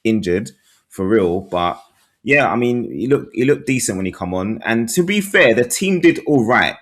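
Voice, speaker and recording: Low-voiced man with fan opinions. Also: very animated, normal speed, fairly bright tone. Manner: earnest, fillers, talks it through. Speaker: podcast co-host, football fan. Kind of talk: casual football chat.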